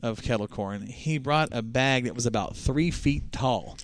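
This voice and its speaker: A man's voice: medium pitch, a little slow, dry recording, studio quality. A man co-hosting a racing talk show, telling stories in casual chat and acting out the quotes. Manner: animated storyteller, acts out quotes.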